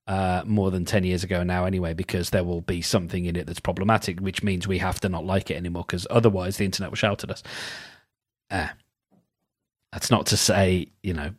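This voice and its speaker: Rambling British man, chatty and animated. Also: on the low side, dry recording, studio quality. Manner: rambling, animated, self-interrupting. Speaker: podcast host. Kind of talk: casual solo chat.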